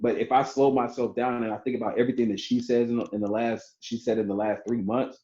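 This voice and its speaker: A man's voice: mid-range voice, little pitch movement, quick pace, mellow. A man guest on a podcast, talking loosely about his marriage with plenty of fillers and restarts. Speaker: guest, barber and entrepreneur. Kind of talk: casual podcast conversation. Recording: roomy, slightly dull podcast audio.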